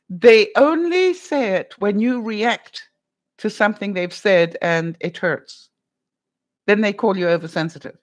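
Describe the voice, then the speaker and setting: A middle-aged woman hosting a live stream, chatting casually with viewers in a rambling way, with frequent laughs and many fillers. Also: mid-range voice. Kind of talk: casual chat reading viewer comments.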